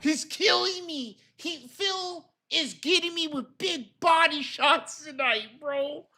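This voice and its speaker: Brief: high-pitched, bright-toned male streamer ranting over a clip, profane and mocking. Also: slow pace. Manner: angry, shouting, mocking. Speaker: reaction streamer. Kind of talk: profane reaction commentary.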